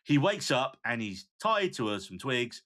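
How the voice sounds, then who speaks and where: Man, podcast co-host, dry teasing humour, very lively intonation, casual chat. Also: mid-range voice, a little slow. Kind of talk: casual film review chat.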